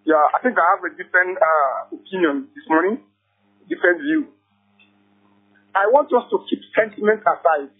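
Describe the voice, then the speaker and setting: A man's voice: high voice, expressive, normal speed, pauses often, husky. Nigerian man calling in by phone. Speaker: radio caller. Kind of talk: phone-in comment. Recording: phone line.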